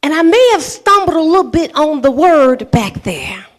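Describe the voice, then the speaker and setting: A woman pastor in her fifties preaching a sermon, telling a personal story with laughter and building to shouted preaching. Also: high voice, big pitch swings, moderate pace. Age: 50s. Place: church sanctuary.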